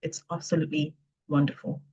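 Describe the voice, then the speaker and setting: A woman's voice: low-pitched, flat delivery, fairly quick, warm tone, breathy edge. A woman in her twenties, a book co-author, speaking upbeat and a little hesitant with many ums. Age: 20s. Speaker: co-author, administrative assistant. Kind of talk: casual speech. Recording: dull lo-fi sound.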